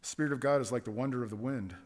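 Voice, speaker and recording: A man's voice: medium pitch, racing, darkish tone. A man preaching a sermon as pastor, emphatic, repeating phrases for stress. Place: church sanctuary. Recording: long church hall reverb.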